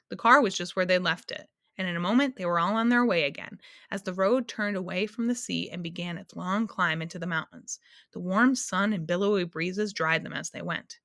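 A woman's voice: lowish voice, fairly quick, a bit bright, no echo, studio quality. Woman reading a children's story. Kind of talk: reading a children's book aloud.

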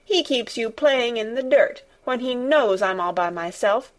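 A woman's voice: expressive, measured pace. A woman voicing a spoiled, sickly boy who is petulant and imperious, with a sulky, sneering manner. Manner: sulky, sneering, shrill when angry.

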